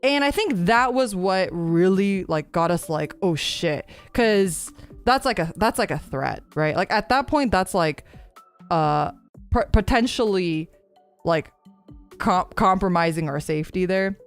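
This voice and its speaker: A woman streamer telling a story in casual chat, animated and rambling, full of "like" and restarts. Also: lowish voice, a little slow, clear, resonant tone, faint music behind.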